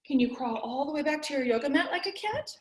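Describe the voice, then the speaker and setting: High, lively woman leading kids yoga. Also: very noisy. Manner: playful, animated, drawn-out phrasing. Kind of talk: sing-song guided kids yoga class. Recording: echoey room, voice from a distance.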